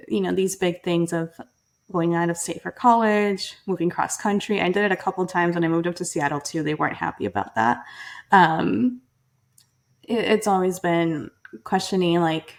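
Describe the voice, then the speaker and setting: A young woman speaks as a podcast guest, her voice sitting low with a gravelly edge. She talks in an earnest, candid way, restarting sentences often. She brings relatives to life when she quotes them. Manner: earnest, frequent restarts and "like", quoting family in lively voices. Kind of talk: candid interview storytelling.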